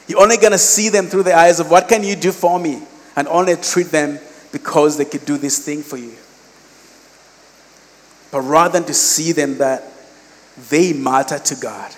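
A man's voice: on the high side, long reverb tail. A man, preaching a sermon in a conversational, storytelling way. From Malawi. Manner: storytelling, animated quoted voices, conversational asides. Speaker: pastor.

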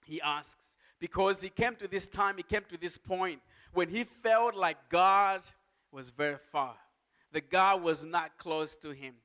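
A man's voice: high-pitched, pushed and bright. Earnest male pastor preaching a sermon. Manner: earnest, slow emphatic preaching with rising cries.

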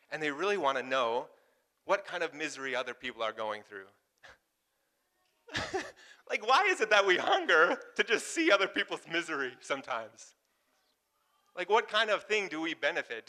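Male pastor, bright tone, casual sermon delivery, laughs often, chatty asides to the congregation. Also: fairly high pitch, sing-song, normal speed, long pauses. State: warm and sweating from exertion.

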